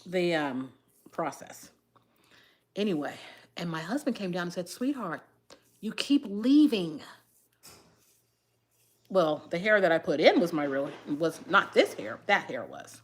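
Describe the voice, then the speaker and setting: A woman chatting casually on her livestream, telling a story while doing her hair, with an animated, lively delivery. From Texas area. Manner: animated storyteller, shifts to high voice when quoting shouts. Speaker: livestream host.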